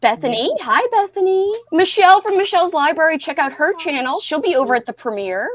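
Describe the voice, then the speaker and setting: A woman's voice: high voice, lively intonation, brisk. A young woman hosting a casual group livestream, bubbly and giggly, greeting viewers by name and losing track of who she has introduced. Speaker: livestream host.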